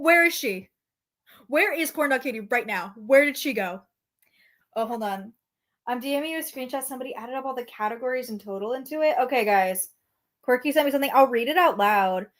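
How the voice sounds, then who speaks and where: A woman's voice: high-pitched, a little fast, fairly bright tone. A woman streamer reacting to her chat in casual commentary, sarcastic and profane.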